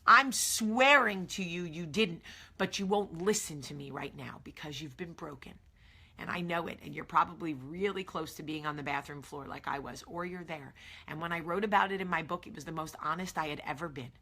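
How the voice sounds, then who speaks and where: A woman's voice: low voice, pushed and bright, slightly rough. A woman with a New York area accent, hosting a casual morning vlog and talking emphatically and earnestly straight to her viewers. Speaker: show host.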